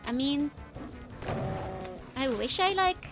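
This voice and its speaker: A young Dutch woman from the Netherlands streams a game and chats casually, laughing a lot and saying "like" constantly. She speaks slowly in a high, expressive voice. Game music plays behind her.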